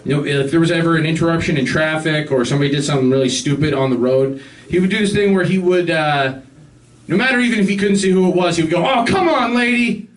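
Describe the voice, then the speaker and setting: A young man doing a stand-up set on a club stage, halting and full of ums, with deadpan asides. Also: fairly high pitch. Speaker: stand-up comedian. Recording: distant mic with loud crowd.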